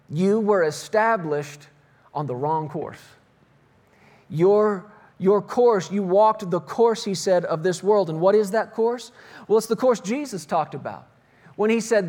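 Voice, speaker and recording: High-voiced preaching man. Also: expressive, a little mellow. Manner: reads scripture slowly with emphasis, tells stories in between. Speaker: pastor. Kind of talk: sermon.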